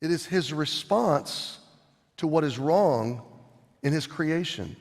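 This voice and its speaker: A middle-aged male pastor preaching a sermon, animated, swinging between loud and soft as he acts out scenes. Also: a little high, slow pace. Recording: long hall reverb.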